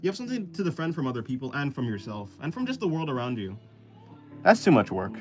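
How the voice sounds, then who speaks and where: A man chatting casually on a drawing stream, his pitch bouncing up and down with a lot of movement. He reads viewer messages aloud and answers in a loose, self-deprecating, rambling way, often laughing. A soft guitar plays quietly behind him. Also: sing-song, a little fast. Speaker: art livestreamer. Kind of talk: casual livestream chat while sketching, reading chat aloud.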